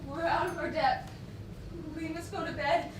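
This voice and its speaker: A frightened young maid, acted by a woman on stage pleads in a very high, strained voice. She sounds trapped and panicked. The sound is a roomy stage picked up from a distance, with steady background noise. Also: normal speed, close to an everyday voice. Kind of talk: stage acting. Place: theatre stage. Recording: echoey stage from far off, noisy.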